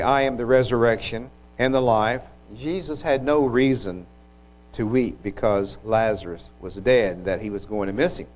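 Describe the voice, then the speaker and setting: A man preaching a sermon, retelling scripture in an unhurried, reflective way with occasional restarts. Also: mid-range voice, poor audio.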